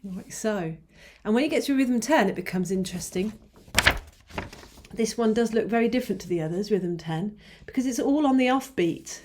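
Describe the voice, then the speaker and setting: A woman teaches ukulele in a patient, steady way, counting the beats out loud as she plays. Her pitch sits in a middle range, and a faint hiss runs behind her voice. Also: moderate pace. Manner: patient, counts beats aloud while strumming. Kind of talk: online music lesson. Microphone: mic close by, teacher moves nearer. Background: ukulele strumming.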